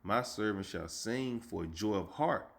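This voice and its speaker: A man preaches a stern warning. He reads scripture slowly and deliberately, then drives each point home with an emphatic "man" or "you see?". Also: lowish voice, lively intonation, gravelly. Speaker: street preacher. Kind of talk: sermon with scripture reading.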